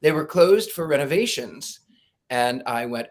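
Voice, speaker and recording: With a mid-range voice and a slightly slow delivery, a man appears as a psychic guest in a casual interview. He's a lively storyteller who performs the voices of those he quotes and laughs often.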